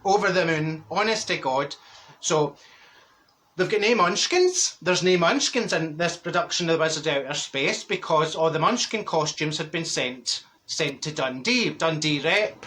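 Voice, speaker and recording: A man's voice: on the high side, lively intonation, normal speed, pushed and bright. A man playing a gossipy Glaswegian lady. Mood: chatty. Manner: gossipy, giggly storytelling with wee asides. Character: chatty middle-aged Glasgow woman, straight-talking gossip. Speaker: comedy character host. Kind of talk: comic character monologue.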